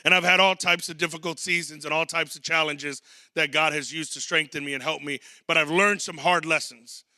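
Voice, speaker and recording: A man's voice: a little high, steady tone, fairly quick, sharp tone, clear, resonant tone, no echo, studio quality. A man in his thirties preaching a sermon as a guest pastor, telling stories and acting out quotes. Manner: storytelling with acted quotes.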